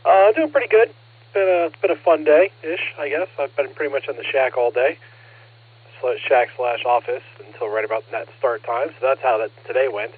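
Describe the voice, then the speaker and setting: A man's voice: medium pitch, moderate pace, husky. A man checking into a ham radio net, telling a rambling story in a casual way. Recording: narrow ham radio transmission.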